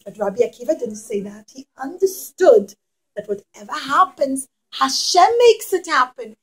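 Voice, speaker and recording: High-voiced woman telling children a story. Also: expressive, moderate pace, low-quality recording. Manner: addresses children with questions. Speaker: puppeteer and storyteller.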